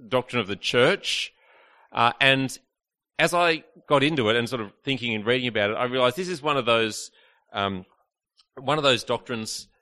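Man, preacher, evening church talk, chatty, playful, lots of ums, bright voice. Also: medium pitch. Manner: chatty and playful with the audience, many fillers.

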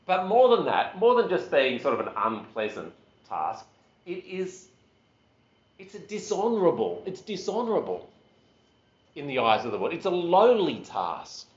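A man preaching a sermon in a conversational, animated way, with asides about his family. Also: on the high side, normal speed. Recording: roomy, dull sound.

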